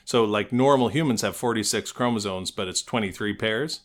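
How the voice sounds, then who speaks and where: A man's voice: on the low side, moderate pace. A man co-hosting a podcast, chatting casually in a nasal voice, rambling through a story, swearing and laughing at himself. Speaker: podcast co-host. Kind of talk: casual chat.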